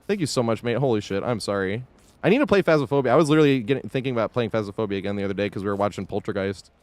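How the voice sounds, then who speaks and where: His voice is on the low side, expressive and a little mellow, and he talks very fast in a dry recording. The man is live-streaming gameplay, chatting loosely with viewers, swearing without restraint, laughing frequently, and thanking supporters.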